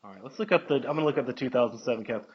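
A man's voice: medium pitch, very fast, highs cut off, a crowd in the background. A man co-hosting a casual sports chat, rambling and joking as he corrects himself mid-sentence. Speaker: podcast co-host.

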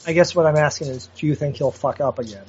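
A man's voice: on the high side, fast talker, highs cut off, crowd noise. A man co-hosting a podcast, plainspoken, presenting sports news and putting questions to his co-host. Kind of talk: casual sports chat.

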